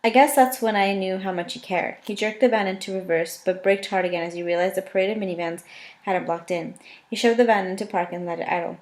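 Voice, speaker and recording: A woman's voice: mid-range voice, fairly even intonation, quick pace, darkish tone. Woman casually reading a novel aloud. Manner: casual, with slips, self-corrections and laughs. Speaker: audiobook reader. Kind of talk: first-person novel narration.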